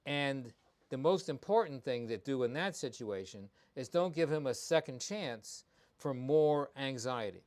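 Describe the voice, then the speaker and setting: A man, a veterinarian hosting a live show, talking with emphasis and repeating his key points, with ums and restarts. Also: mid-range voice. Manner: conversational with many ums and restarts. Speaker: veterinarian host. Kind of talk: live talk on pet behavior.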